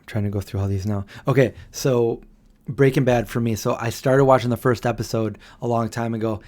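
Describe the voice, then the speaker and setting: A man's voice: medium pitch, fairly even intonation, a little fast, a little mellow. A man in his thirties hosting a casual late-night livestream at home, chatting loosely and reading out viewer comments. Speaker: livestream host.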